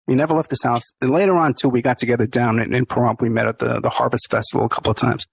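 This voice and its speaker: A man's voice: medium pitch, fairly even intonation, very fast, vocal fry, slightly rough, no room sound. A middle-aged man, the podcast host, telling a story in a casual interview, laughing often and acting out the people he quotes.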